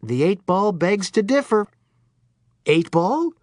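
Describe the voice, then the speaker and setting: A woman's voice: mid-range voice, very animated, slow, darkish tone, dry recording. An irreverent, rambling man with wild theatrical swings in his voice, as a woman reads him in an audiobook. He sounds close and dry, with no room around him. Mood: sardonic. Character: manic wisecracking male Florida oddball. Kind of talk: audiobook character voice.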